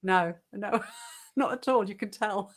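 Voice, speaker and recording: A woman's voice: medium pitch, unhurried. Giggly woman co-host on a call. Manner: giggly, self-deprecating. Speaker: co-host reading a dialect poem. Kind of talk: casual online show chat. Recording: online video call.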